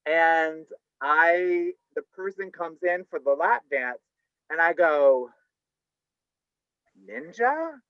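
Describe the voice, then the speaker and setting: A man's voice: fairly high pitch, steady tone, slow, clean tone, no echo. Campy older man telling a wild story. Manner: campy, chatty, says "honey, okay?" often. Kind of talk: live storytelling. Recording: dull, dry video call audio.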